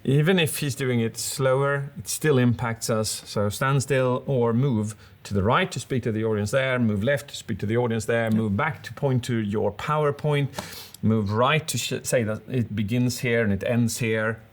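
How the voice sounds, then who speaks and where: A man's voice: medium pitch, normal speed, few pauses. A man co-hosting a casual commentary, analysing a speech with enthusiasm and acting out examples with his voice. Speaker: public speaking coach, co-host.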